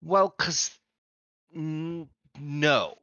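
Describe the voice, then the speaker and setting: A man's voice: on the high side, very slow, sharp tone, no echo, muffled recording. A man narrating as game master of a tabletop game, improvising descriptions with lots of fillers.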